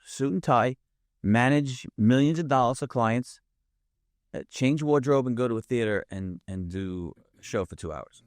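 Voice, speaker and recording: A man's voice: medium pitch, moderate pace, dry recording, studio quality. A man telling a vivid, profane anecdote in a casual chat. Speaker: guest. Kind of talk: casual storytelling.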